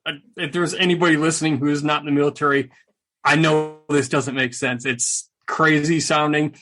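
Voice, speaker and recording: Bright-voiced joking man telling stories. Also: a little high, moderate pace. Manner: animated, joking, sarcastic storyteller. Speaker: guest, combat veteran and speaker. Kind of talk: casual storytelling interview.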